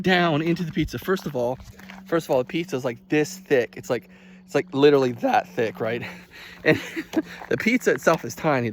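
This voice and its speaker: A man vlogging outdoors on a walk, telling a story in an animated, chatty way and laughing often. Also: a little high, a little hiss or hum. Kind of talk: casual chat while walking. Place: outdoors by a field.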